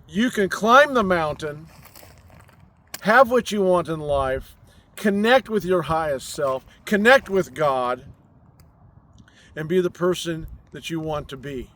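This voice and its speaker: A man delivers an inspirational spiritual message outdoors on a mountain. His voice sits high and he speaks very slowly. He leans on gentle, repeated affirmations. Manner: slow, soothing, repetitive affirmations. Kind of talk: inspirational sermon. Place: outdoors on a mountain overlooking a city.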